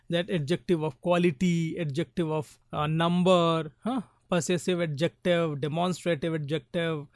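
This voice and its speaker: A man teaching grammar, explaining slowly through lots of examples and fillers. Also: on the high side, a little mellow, no echo, studio quality. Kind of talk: classroom lecture.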